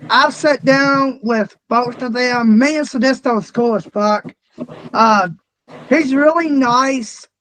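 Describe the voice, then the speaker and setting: A man interviewing a guest, telling animated, profane stories with shouted punchlines. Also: very high voice, takes it slowly, no echo, rough recording. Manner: profane, animated, loud storytelling. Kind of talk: casual storytelling.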